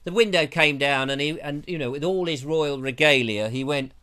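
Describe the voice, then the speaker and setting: A man's voice: a little high, moderate pace, pushed and bright, clean tone. A man hosting a live show, chatting casually in a rambling, jokey way and often interrupting himself, on a lavalier mic. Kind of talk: casual live-stream chat.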